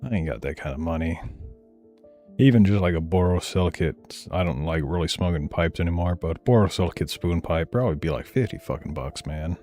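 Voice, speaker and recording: Low, mellow-voiced streamer rambling. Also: male voice, animated, a little fast, soft background music. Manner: rambling, profane, mumbling asides. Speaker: streamer commentating. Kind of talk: casual live-stream commentary.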